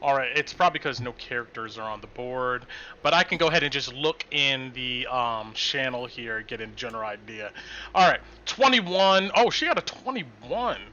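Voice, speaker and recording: A man's voice: medium pitch, lively intonation, moderate pace, bright, forceful tone, highs cut off. A man running a tabletop game as game master over voice chat, narrating with hesitant fillers and restarts.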